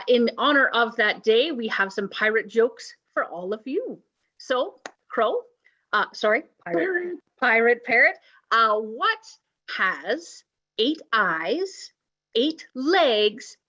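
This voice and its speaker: A woman with a slightly high voice hosts a service, joking playfully and reading announcements. The sound is a bit dull and lo-fi. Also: pushed and bright. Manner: playful, joking, with pirate banter. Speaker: worship service host. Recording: dull lo-fi recording.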